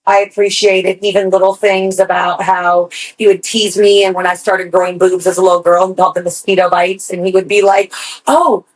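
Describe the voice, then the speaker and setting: A woman co-hosting a podcast, telling a personal story in casual chat, animated and swearing freely. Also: on the low side, a little fast, hardly any pauses, rough recording. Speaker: podcast co-host.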